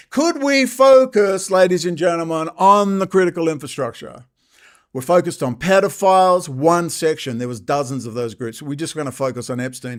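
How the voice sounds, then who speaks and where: Angry profane high-voiced Australian man. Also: expressive, normal speed, a bit bright. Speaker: channel host. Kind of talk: ranting monologue.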